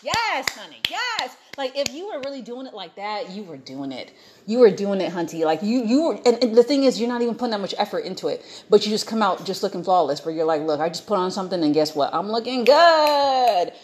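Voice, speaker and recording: A young woman talks casually and fast in a mid-range voice, telling a lively story and quoting both herself and other people as she goes.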